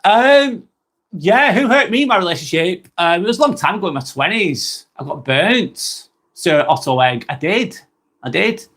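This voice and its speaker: A man's voice: high voice, lively intonation, normal speed, fairly bright tone, slightly rough. Chatty man. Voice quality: broad strong accent. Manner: blunt, chatty, swears freely, repeats phrases. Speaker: live stream host. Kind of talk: casual live-stream chat reading comments.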